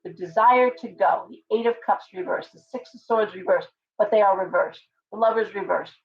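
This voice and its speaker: A woman's voice: mid-range voice, moderate pace, creaky. A woman hosting a casual livestream tarot reading, talking in a chatty, rambling way with restarts and asides. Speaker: tarot reader, livestream host. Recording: dull lo-fi stream audio.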